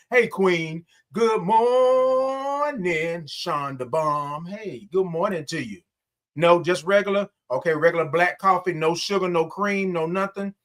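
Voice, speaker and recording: A man's voice: fairly high pitch, sharp tone. A man hosting a casual morning livestream, greeting viewers by name and stretching out his sung greetings. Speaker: livestream host.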